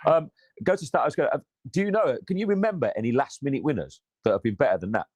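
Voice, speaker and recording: A man's voice: mid-range voice, lively intonation, fast, darkish tone, no room sound. A man co-hosting a football fan chat, teasing his friend with banter. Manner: teasing, banter-heavy, swears. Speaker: football fan channel co-host. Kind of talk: casual chat.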